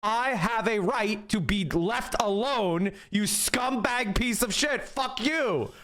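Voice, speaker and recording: Furious, foul-mouthed man ranting, high voice. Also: slow pace, fairly bright tone. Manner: angry, profane, incredulous outbursts. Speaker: political commentator. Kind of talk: reading a court ruling aloud and ranting over it.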